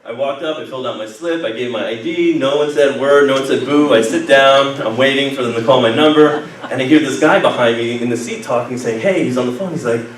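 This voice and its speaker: A man telling a personal story to a live group, animated and laughing, acting out other people's lines. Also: mid-range voice, fast talker. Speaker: speaker at a humanist group meeting. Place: meeting room. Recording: echoey room, mic far off, noisy.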